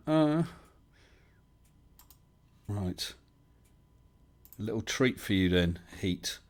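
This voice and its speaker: A man's voice: on the low side, creaky, darkish tone. A man, hosting a casual live stream and chatting his way through viewer comments with lots of fillers and restarts.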